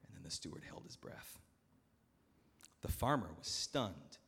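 Male pastor storytelling in a sermon, lively and dramatic, big echoey church. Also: deep voice, unhurried, creaky, slightly rough. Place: church sanctuary. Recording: long church hall reverb.

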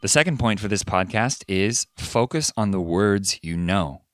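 A man's voice: fairly low pitch, animated, unhurried, a little hiss or hum. A man co-hosting a podcast, explaining ideas through everyday examples and laughing easily. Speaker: podcast co-host. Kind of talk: casual podcast conversation.

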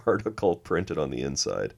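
A man's voice: rumbling low, big pitch swings, a little slow, vocal fry, husky. A man co-hosting a music podcast, walking through a record track by track in casual chat, dry and sarcastic with frequent laughs. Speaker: podcast co-host.

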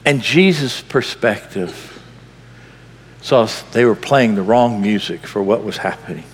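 A man preaching a sermon as pastor, impassioned, swinging between loud bursts and hushed lines. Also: mid-range voice, expressive, normal speed, big-room sound, a little hiss or hum.

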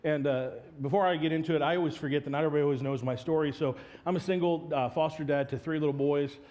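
A man's voice: a little high, fairly even intonation, fast, darkish tone. A male pastor giving a sermon, mixing funny family stories with earnest teaching. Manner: humorous storytelling, then earnest teaching.

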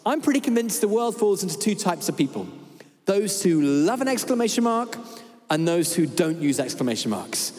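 A man preaching a sermon. He is animated and humorous and acts out bits of dialogue. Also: sits high, moderate pace. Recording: reverberant church hall.

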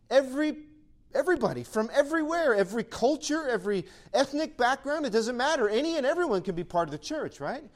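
A male pastor preaching a sermon to his church, animated and conversational, sometimes acting out imagined voices. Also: high-pitched.

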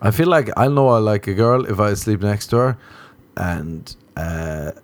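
A young Irish man hosting a podcast, rambling through a comic, self-mocking monologue and sliding into high mock voices. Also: unhurried, dry recording. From Ireland. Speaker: podcast host. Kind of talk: casual comedic monologue.

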